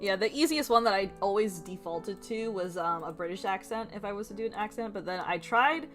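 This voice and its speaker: A woman's voice: mid-range voice, animated, a little fast, a bit bright, faint music behind. A woman who grew up speaking Spanish, chatting casually and laughing easily while drawing on a stream. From Hispanic family, grew up speaking Spanish.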